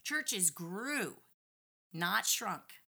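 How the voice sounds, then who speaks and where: A middle-aged woman, a podcast guest, telling a story in a casual, indignant and animated way. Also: medium pitch, drawn-out words, husky. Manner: animated, indignant retelling with lively acted-out quotes.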